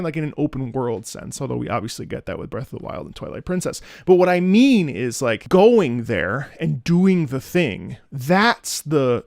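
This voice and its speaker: An enthusiastic opera singer talks through game music with a bouncing, expressive voice that rides a bit high for a man. He fills his talk with casual fillers and bursts into scatted melodies. The sound is dry and close, with faint music underneath. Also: dry recording. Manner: enthusiastic, scats melodies aloud, many fillers. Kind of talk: casual music reaction commentary.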